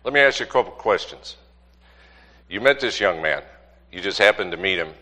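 A man's voice: low voice, animated, fairly quick, in a large hall, noisy background. A man preaching to a congregation, asking rhetorical questions and repeating points for emphasis. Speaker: pastor. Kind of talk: sermon with congregation.

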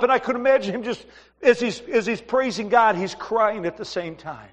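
A man preaching a sermon in a church and telling lively stories, acting out the voices of the people in them. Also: sits high, normal speed, in a large hall. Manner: animated storytelling, acts out voices in his stories. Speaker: pastor. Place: church sanctuary.

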